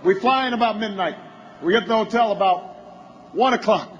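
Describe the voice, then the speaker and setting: High-voiced man telling a rally story. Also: normal speed, lo-fi sound. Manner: anecdotal storytelling that builds to shouting. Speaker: politician. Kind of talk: campaign rally speech.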